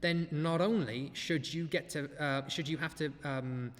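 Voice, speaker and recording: A man's voice: on the high side, fairly even intonation, a little slow, long reverb tail. A man hosting a podcast, giving blunt, profane, sardonic commentary. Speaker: podcast host. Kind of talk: casual commentary.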